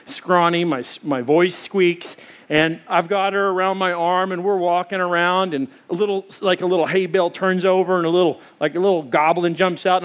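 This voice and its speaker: A male pastor preaching a sermon, telling a lively personal story and acting out his own screams. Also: high voice.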